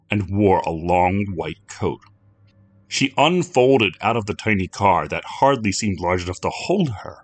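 A deep-voiced man narrates a dark tale with expressive, scripted storytelling. His low voice moves through a wide, animated melodic range.

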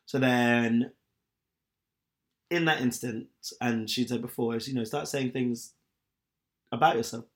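A man's voice: medium pitch, steady tone, measured pace, pauses often. A young man chatting candidly and at length, rambling with lots of fillers. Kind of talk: casual chat.

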